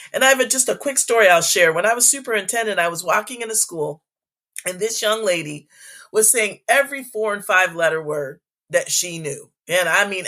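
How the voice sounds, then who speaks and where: A middle-aged woman, a former school superintendent, telling stories in a casual interview and tagging her points with "right?". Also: mid-range voice. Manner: animated, frequent "right?" tags, acts out quoted voices.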